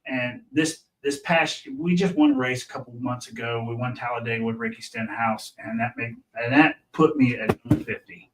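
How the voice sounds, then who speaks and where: A man's voice: mid-range voice, moderate pace, few pauses, a little hiss or hum. Rambling man telling stories, off-mic. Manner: rambling, with many restarts and fillers. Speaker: pit crew member, guest. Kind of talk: casual storytelling on a racing talk show. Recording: from a distance.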